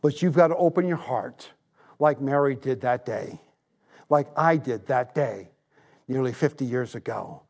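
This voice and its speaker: A pastor in his sixties delivers a sermon, retelling a story with emphasis and making earnest appeals. His mid-range voice is unhurried and a little mellow.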